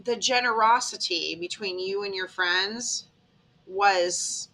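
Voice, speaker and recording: A woman's voice: mid-range voice, takes it slowly, pushed and bright. A woman giving a casual tarot reading, telling it as a dramatic story and checking in with "okay?" along the way. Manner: chatty, dramatic storytelling, tag questions like "okay?". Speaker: tarot reader.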